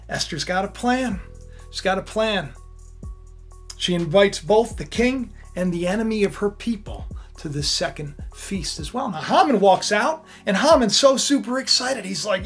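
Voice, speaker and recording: Brief: husky-voiced man, informal storytelling sermon, chatty with many fillers. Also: high-pitched, animated, moderate pace, fairly bright tone, soft background music. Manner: conversational, rambling, with frequent fillers. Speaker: preacher. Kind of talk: casual biblical storytelling sermon.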